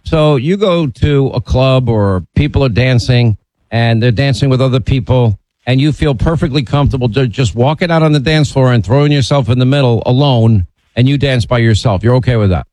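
A man's voice: medium pitch, brisk, a little mellow, dry recording, rough recording. A man hosting a call-in radio talk show, blunt and opinionated in a conversational way. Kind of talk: talk radio, taking calls.

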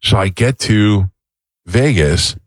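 A man with a very low voice chats on a morning radio show, telling a rambling story with easy laughs. The sound is close and dry. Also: animated, takes it slowly, no echo. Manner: laughs easily, rambling anecdotes. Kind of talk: casual studio chat.

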